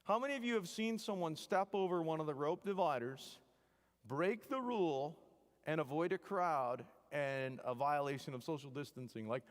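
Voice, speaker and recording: A man, an engineering professor, gives a devotional talk to students in a big chapel, with a long reverb trailing after each phrase. His voice sits a little high, and his delivery is animated and joking, full of wry asides. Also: moderate pace. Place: chapel hall.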